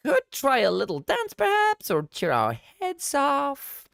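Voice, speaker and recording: Woman putting on a squeaky little engineer, shrill, frantic, very high. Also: wildly swooping pitch, measured pace, gravelly, a bit bright, no room sound, clean studio sound, full character voice. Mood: pleading.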